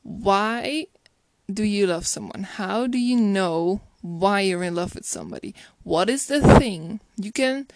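A woman's voice: medium pitch, unhurried, a little mellow, dry recording. A woman talking casually about a romantic film, chatty and reflective, often laughing and restarting her sentences. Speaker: film reviewer. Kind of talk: casual spoken movie commentary.

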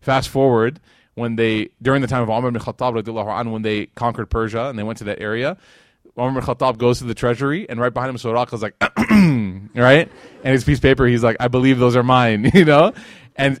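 A man's voice: mid-range voice, no room sound, studio quality. A man giving a casual religious lecture, telling stories in a conversational way and acting out the quoted lines. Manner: conversational, acts out quotes, many "like" and "right?".

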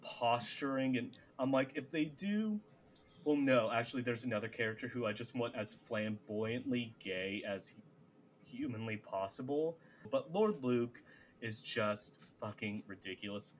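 A man's voice: medium pitch, unhurried, a little hiss or hum. A man co-hosting a casual chat, retelling scenes and acting out the characters' lines. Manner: animated, acts out characters' lines. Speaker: podcast co-host.

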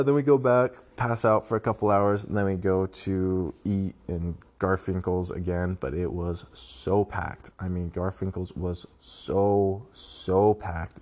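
A man's voice: low voice, a little mellow. A young man casually telling a rambling travel story, swearing and laughing as he goes. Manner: rambling, profane, laughs often. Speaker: vlogger.

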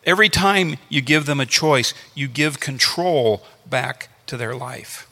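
A man's voice: mid-range voice, measured pace, pushed and bright. A man preaching a sermon, teaching earnestly and repeating his phrases to drive points home. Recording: long hall reverb.

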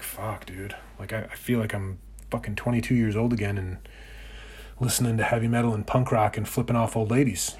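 A man's voice: medium pitch, darkish tone, husky. A man in his thirties hosting a solo podcast, ranting in a profane, exasperated way. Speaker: podcast host.

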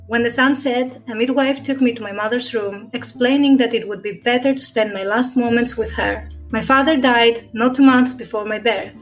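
Lady author reading from her book, steady storytelling, highish voice, soft music behind. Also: rough recording. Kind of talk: reading her novel aloud.

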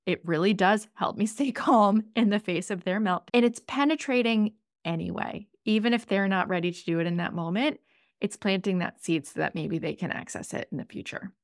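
A woman podcast co-host and parent, gently walking listeners through calming exercises in a casual chat. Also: mid-range voice, normal speed, no echo, clean studio sound. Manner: gentle, instructive, sing-songy with kids' exercises.

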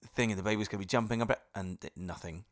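A man chatting casually in a quick, halting way. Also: on the low side, fairly even intonation. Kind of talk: casual chat.

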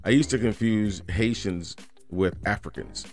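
A man's voice: fairly low pitch, a little slow, faint music behind. A man co-hosting a podcast in casual chat, blunt and laid-back. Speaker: podcast co-host.

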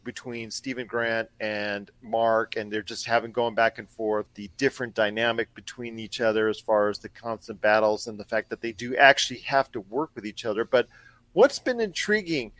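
A man hosting a pop culture radio show and podcast, with an energetic, promo-style delivery. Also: on the low side, moderate pace, no echo. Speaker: podcast host.

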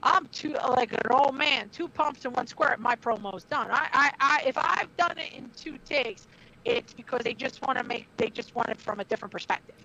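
Her voice is high, pushed and bright, moving at a normal speed. She's a middle-aged former wrestler on a podcast, telling a heated story in blunt, profane casual talk, captured on a dull lo-fi recording.

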